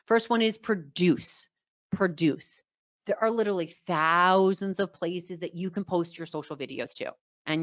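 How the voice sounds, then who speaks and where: A middle-aged woman from New York with a slightly raspy voice and a New York accent, coaching a webinar audience with lively energy and repeated key words. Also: medium pitch, no echo. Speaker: social media coach. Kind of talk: webinar teaching. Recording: dull, dry sound.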